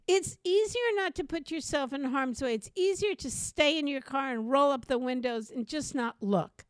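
A woman with a fairly high voice tells a personal story on a podcast, animated and chatty. She slips into the voices of the people in her story as she goes. The sound is close and dry, with no room around it. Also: normal speed, no room sound. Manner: animated, acts out quoted voices. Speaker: podcast co-host. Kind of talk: conversational storytelling.

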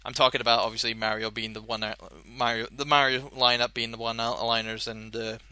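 A man's voice: medium pitch, level tone, a little fast, pushed and bright, smooth, no echo. A young man hosting a podcast, rambling in a casual chat with many fillers and restarts while chewing gum. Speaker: podcast host.

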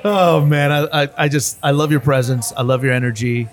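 Animated, chatty male podcast host. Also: a little high, normal speed. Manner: animated storyteller, repeats words, says bro. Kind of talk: casual conversation.

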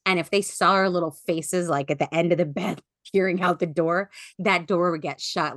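A woman's voice: fairly low pitch, normal speed, fairly bright tone, no echo, studio quality. A woman co-hosting a podcast in casual chat, chatty and often laughing as she tells a story. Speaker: podcast co-host.

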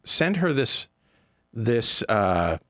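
A man's voice: mid-range voice, sing-song, extremely slow, a bit bright, no room sound, clean studio sound. A man hosting a casual podcast, joking and hesitant, with many fillers and restarts.

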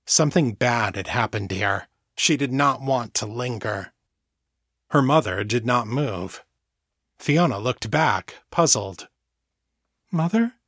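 Reading a chapter of a novel aloud, a male narrator keeps a steady, measured pace for this scripted audiobook. His medium-pitched voice is slightly rough, and the studio recording is clean with no echo.

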